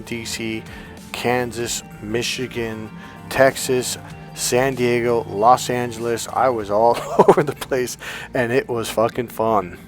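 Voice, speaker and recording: Man casually telling a rambling story. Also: medium pitch. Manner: rambling, self-correcting, swears casually, acts out past dialogue. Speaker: dating and relationship coach.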